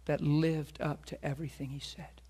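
A man's voice: on the high side, normal speed, husky. Earnest male preacher telling a story. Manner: earnest, animated storytelling with voiced quotes. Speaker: pastor. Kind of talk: sermon storytelling.

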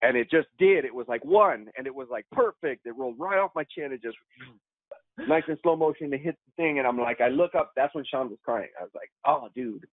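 A man's voice: mid-range voice, brisk, no echo. Slangy man on a tinny line. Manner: animated, slangy, peppers speech with "man", "dude", "bro". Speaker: actor and podcast guest. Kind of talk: casual podcast storytelling. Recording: tinny phone-like remote call line, dry.

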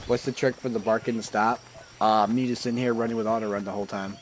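A man's voice: lowish voice, little pitch movement, fast, very noisy. A man streaming a multiplayer game, chatting casually with teammates and his viewers, cursing and joking as he plays. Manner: swearing, joking, barking at teammates. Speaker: gaming streamer. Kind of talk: casual live-stream gameplay chat.

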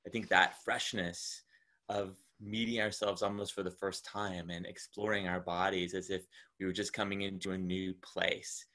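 A man co-hosting a group session over a video call, speaking softly and haltingly with many repeated words. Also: low voice, level tone. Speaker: co-host and facilitator. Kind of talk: reflective conversation on a video call.

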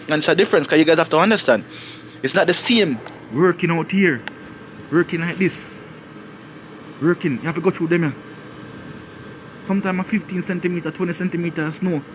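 A man with a Jamaican accent talking casually to camera for his family vlog outdoors in the snow, animated and preachy, slipping into patois. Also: a little high, slight background noise. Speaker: family vlogger.

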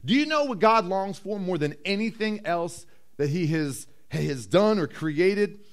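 A high-pitched male pastor preaching in church, lively and animated, acting out little voices and then sinking low and slow to press a point home. His delivery swings between bursts of energy and quiet, weighty moments. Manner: animated storytelling, acts out voices, drops low and slow for emphasis. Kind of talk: sermon.

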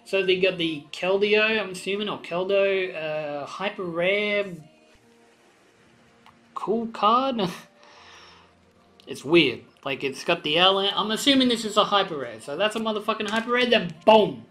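A woman hosting a casual card-opening vlog, excitable and swearing a lot, with loud bursts of excitement. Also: medium pitch, a little slow, soft background music. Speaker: channel host opening trading card packs.

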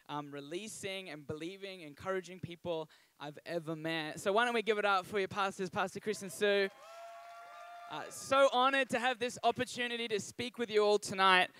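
A man's voice: high voice, bright, forceful tone, clear, resonant tone, no echo. A young Australian man giving a chatty, upbeat sermon at a church service. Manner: chatty and upbeat, with frequent ums and asides. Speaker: guest preacher.

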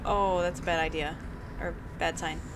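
A woman's voice: lowish voice, steady tone, normal speed, noisy background. A woman commentating a horror game she plays, often exclaiming in fright and laughing nervously. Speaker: gaming YouTuber.

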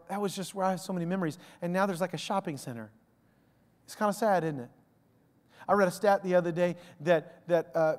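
A man preaching a conversational sermon, swinging from loud emphasis to hushed, drawn-out words. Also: sits high, in a large hall. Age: adult father of a young son. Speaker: pastor. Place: church sanctuary. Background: soft instrumental music.

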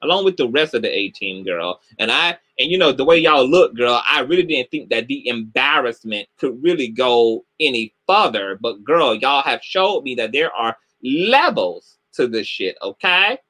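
A middle-aged man hosting a livestream commentary show, animated and sassy, swearing heavily and greeting viewers by name. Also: medium pitch, moderate pace, hardly any pauses.

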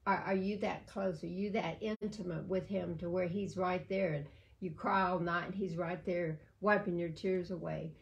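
A woman's voice: lowish voice, fairly even intonation, normal speed, creaky, highs cut off. An older woman pastor preaching fervently in a casual talk, repeating phrases for emphasis. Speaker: pastor and co-host.

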